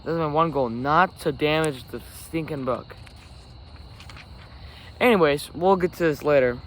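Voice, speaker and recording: A podcast host with a slightly high voice speaks unhurriedly in a casual, rambling solo episode, often correcting himself. He records on his own camera outdoors by a forest, where insects and crickets add slight background noise.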